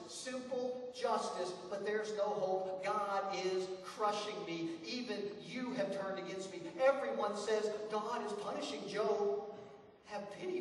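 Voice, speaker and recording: A man acting a suffering man who pleads his innocence, halting and stammering, heard from far off in an echoey hall. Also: high voice. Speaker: actor in church skit. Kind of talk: amateur stage acting.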